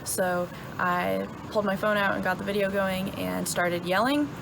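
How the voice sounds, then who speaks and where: A young woman speaks at an everyday mid pitch, with a gravelly, creaky edge to her voice. She retells her story casually and in a relaxed way, with plenty of ums. A clear bed of noise runs behind her. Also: moderate pace. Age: young adult. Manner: relaxed, with many ums and uhs. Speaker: hunter telling her story.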